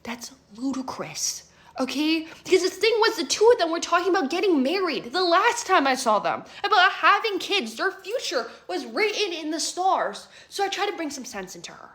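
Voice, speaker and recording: A woman's voice: extremely high pitch, very animated, fairly quick, few pauses, a bit bright. A woman in her twenties telling a dramatic story in a chatty vlog, often tagging her lines with "right?" and "okay?". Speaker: vlogger.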